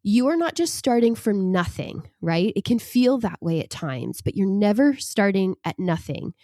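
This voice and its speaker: A woman's voice: mid-range voice, big pitch swings, normal speed, mellow, dry recording. Woman podcast host, advisory and reassuring, dry close recording. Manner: reassuring, coaching tone with tag questions. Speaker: interior design podcast host.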